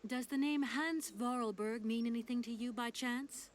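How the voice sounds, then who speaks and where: Woman voicing Kate Walker, calm lawyer. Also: fairly high pitch, normal speed, natural voice. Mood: patient. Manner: patient, explaining. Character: composed female American lawyer, traveling. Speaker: game character. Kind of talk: video game dialogue.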